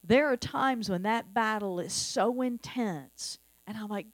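A woman's voice: a little high, measured pace, hardly any pauses, dry recording. A middle-aged woman delivers a sermon in an earnest, conversational voice, leaning on repeated phrases. The sound is dry and close. A faint mains hum runs underneath. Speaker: pastor.

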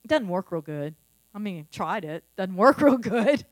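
A woman's voice: mid-range voice, big pitch swings, normal speed, no room sound. A middle-aged woman pastor preaching a sermon in an earnest, conversational way, repeating key phrases. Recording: dry with faint mains hum.

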